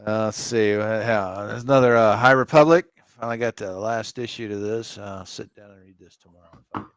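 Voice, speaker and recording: A man's voice: on the low side, fairly quick, smooth, no room sound, studio quality. A man co-hosting a casual live chat, wry and teasing as he goes through a pile of items. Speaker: co-host.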